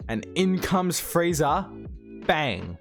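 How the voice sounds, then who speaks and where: Man, casual comic review, excitable recap, mid-pitched voice, faint music behind. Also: a little slow. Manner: excitable, retells the plot while reading out the dialogue. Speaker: manga reviewer.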